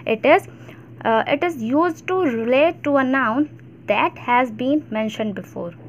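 A woman with an Indian English accent teaching a grammar lesson step by step, pausing often and restarting her sentences. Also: sits high, animated, a little hiss or hum. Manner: explains step by step, many fillers and restarts.

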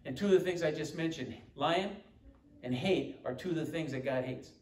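A man's voice: on the high side, moderate pace. Male pastor, fervent sermon delivery, roomy church echo. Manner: emphatic, quoting scripture with call-and-response. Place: church sanctuary. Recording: echoey church room from far off.

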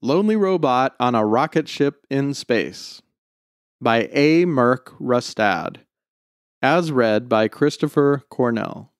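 A man narrating a short story in a measured, expressive storytelling delivery. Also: mid-range voice, dry recording, clean studio sound. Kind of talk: scripted narration.

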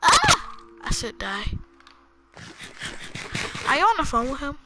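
A woman's voice: very animated, measured pace, noisy background. Chatty woman narrating her gameplay. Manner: chatty, talking to viewers in a low voice. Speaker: gaming channel host. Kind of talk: casual gameplay commentary. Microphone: headphones with a mic. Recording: game music playing behind.

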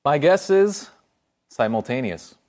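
Dude doing a hyped young quiz contestant, lively up-and-down voice. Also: male voice, medium pitch. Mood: excited. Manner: enthusiastic, quick with his answers.

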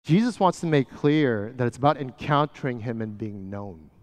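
Pastor guy preaching chatty style, goes real quiet at times, echoey church hall. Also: mid-range voice, lively intonation, moderate pace. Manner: conversational, often drops to a soft hush. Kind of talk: sermon. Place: church sanctuary. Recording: church hall with long reverb.

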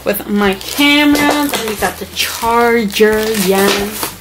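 A woman's voice: mid-range voice, slow pace, heavy background noise. A young woman in a beauty vlog, unboxing a new camera and gushing over each item with breathless exclamations. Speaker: beauty vlogger.

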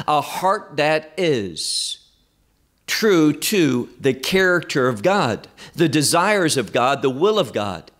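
A man teaching a Bible study lesson, emphatic and measured, repeating key phrases for stress. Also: on the high side, a bit bright.

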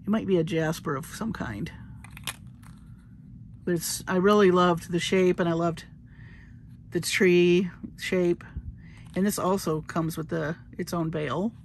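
A crafting vlogger shows off her bead haul in a casual, gushing, chatty show-and-tell. Her fairly low voice is a little slow with frequent pauses, and there's a little hiss or hum.

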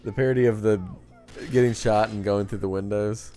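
Low-voiced joking young man. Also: fairly even intonation, brisk, warm tone, faint music behind. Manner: joking, encouraging, playful banter. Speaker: co-host watching a game playthrough. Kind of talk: casual gaming chat.

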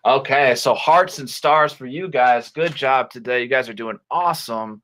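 A man teaching children English online, reading a storybook and acting out words in a slow, clear, animated way. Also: medium pitch, slight background noise. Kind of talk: playful ESL lesson for children.

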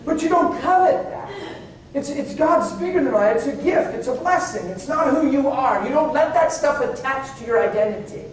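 Man, preacher, animated storyteller, hushed asides and high exclamations, booming echoey hall. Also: normal speed, recorded from a distance, a little hiss or hum. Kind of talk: sermon with personal stories. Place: church meeting hall.

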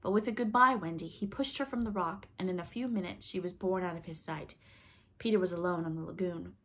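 Gentle low-voiced woman reading a story. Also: steady tone, brisk. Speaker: storybook reader. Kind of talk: audiobook narration.

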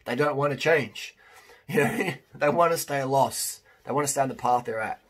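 A man's voice: mid-range voice, normal speed, fairly bright tone, breathy edge. A man talking casually to camera as a fitness vlogger and coach, emphatic and blunt, with many restarts.

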